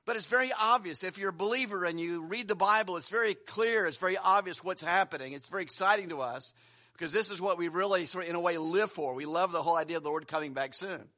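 Bright high-voiced male pastor preaching. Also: quick pace. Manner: conversational preaching with fillers and restarts. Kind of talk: sermon.

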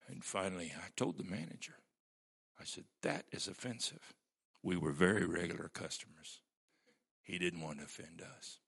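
A man's voice: sits low, animated, normal speed, creaky, fairly bright tone, husky. A man preaching a sermon as pastor, telling stories with strong emphasis.

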